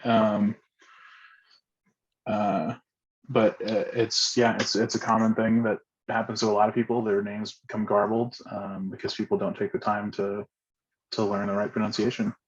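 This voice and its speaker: A man's voice: on the low side, flat delivery, normal speed, slightly rough, dull audio. A man leading a casual group discussion, talking hesitantly with many fillers and restarts. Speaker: discussion facilitator.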